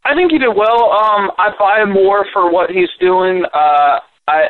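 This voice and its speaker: A man from the United States calling into a sports podcast as a guest, halting with fillers and dry quips. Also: high voice, dry recording. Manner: hesitant, lots of uh fillers, dry wit. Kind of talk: casual podcast chat. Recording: tinny phone line.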